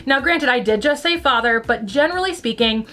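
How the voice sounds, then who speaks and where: A woman talks through a casual opinion vlog from home, her voice sitting a little on the high side. She rambles in a chatty flow, with lots of fillers and restarts. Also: expressive, fairly quick, pushed and bright. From United States. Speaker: channel host reviewing a TV franchise.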